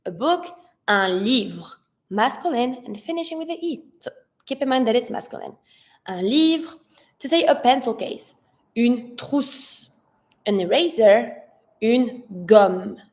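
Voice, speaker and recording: A woman with a French accent, a native French speaker teaching an online vocabulary lesson and pronouncing words slowly and carefully. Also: fairly high pitch, expressive, darkish tone. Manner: slow, careful pronunciation drills, switching between English and French.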